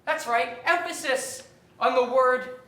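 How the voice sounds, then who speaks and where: Stage comedy: woman as a furious foul-mouthed stranded traveler, high and sharp, roomy live-theatre sound. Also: measured pace. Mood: scornful. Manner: ranting, yelling insults. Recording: roomy live theatre, distant mic, faint noise.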